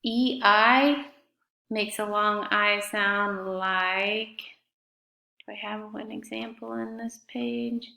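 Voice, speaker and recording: A woman teaches a fifth grade class in a recorded remote lesson, speaking patiently and spelling words out letter by letter. Her medium-pitched voice is steady, slow, sharp-toned and has vocal fry. The room is echoey.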